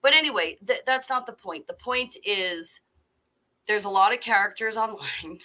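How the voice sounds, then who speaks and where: A woman from the Boston area co-hosts a loose, casual talk show. Her voice is bright and a little sharp, and she rambles through asides with frequent laughter. The pitch sits at an ordinary middle height. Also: moderate pace. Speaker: podcast co-host. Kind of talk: casual chat.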